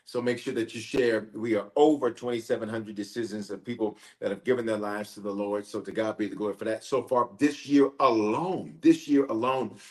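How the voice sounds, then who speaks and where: A man's voice: on the low side, fairly even intonation, a little fast, few pauses. A man, a bishop, leading a livestream prayer. He greets viewers in a roll call and repeats phrases for emphasis.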